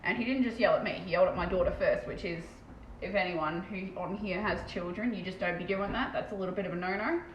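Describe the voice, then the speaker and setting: A woman's voice: fairly low pitch, fast talker. Chatty Australian woman in a roomy lo-fi room. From Western Australia. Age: 30s. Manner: chatty, blunt and self-mocking, swears casually. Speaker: hobby painting streamer. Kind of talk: casual live-stream chat. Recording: roomy, dull lo-fi sound with faint background noise.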